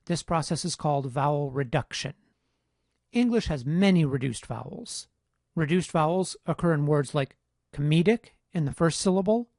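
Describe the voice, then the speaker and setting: A man delivers a phonetics lesson in a measured, exact way, his voice sitting a little high. The sound is close and dry, with no room around it. He spells out each point with steady care. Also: no echo. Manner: measured, precise, explanatory. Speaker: phonetics instructor. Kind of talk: scripted lecture narration.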